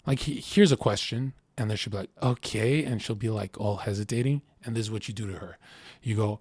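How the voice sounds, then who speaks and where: A man's voice: fairly low pitch, a little fast, darkish tone, breathy edge, no echo. A man streaming, reacting to chat and reading messages aloud, in a brash, profane, boastful way, rambling and acting out bits of dialogue.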